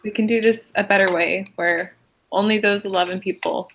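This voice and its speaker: A young woman speaking earnestly and deliberately as a player in a tabletop game. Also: mid-range voice, fairly even intonation, rough recording. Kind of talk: tabletop role-play.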